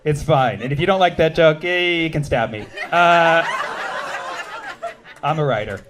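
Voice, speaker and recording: Guy in his 30s doing stand-up, highish voice, punchy, yells sometimes, talks to the crowd. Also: background noise. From United States. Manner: animated, punchy delivery with shouted bits and quick asides to the crowd. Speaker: stand-up comedian. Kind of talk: stand-up set with crowd work.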